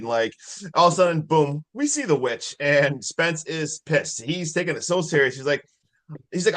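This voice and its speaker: A man co-hosting a podcast, excitedly retelling a horror movie plot in casual chat, full of fillers and swearing. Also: on the high side, moderate pace. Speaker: podcast co-host.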